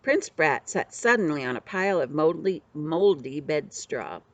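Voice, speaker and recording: An older woman, a grandmother, reading a children's book aloud with expressive storytelling. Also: low-pitched, measured pace, dry recording, lo-fi sound.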